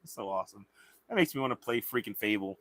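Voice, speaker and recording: A man's voice: on the low side, lively intonation, fast talker, very noisy. A man hosting a livestream in casual chat, rambling and swearing freely. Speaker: livestream host.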